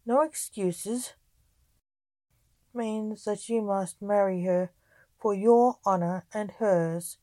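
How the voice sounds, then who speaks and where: A woman's voice: mid-range voice, steady tone, takes it slowly, pauses often, mellow, dry recording, close to an everyday voice. A woman voicing a stern male nobleman who insists firmly.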